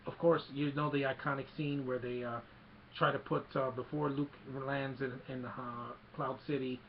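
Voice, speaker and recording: A man's voice: mid-range voice, level tone, normal speed, dull audio, slight background noise. A man casually retelling a movie scene by scene, rambling with many fillers. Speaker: film recap vlogger.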